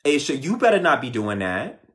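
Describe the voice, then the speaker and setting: A man's voice: medium pitch, sing-song, moderate pace, a bit bright. A man doing a casual live astrology reading, talking straight to his listeners in a sassy, teasing way. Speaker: astrology reader.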